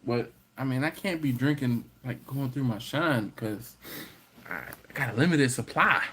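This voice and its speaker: A man's voice: mid-range voice, a little slow, fairly bright tone, a little hiss or hum. A man hosting a casual livestream, reading viewer comments and teasing the chat. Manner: playful, teasing, banters with chat. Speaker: livestream host.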